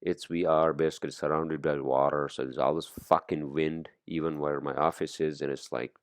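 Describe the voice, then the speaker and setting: A man's voice: very deep voice, steady tone, normal speed, clear, resonant tone, no room sound, studio quality. A man hosting a podcast, talking in a rambling, profane, casual monologue full of fillers. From immigrant to the US. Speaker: podcast host.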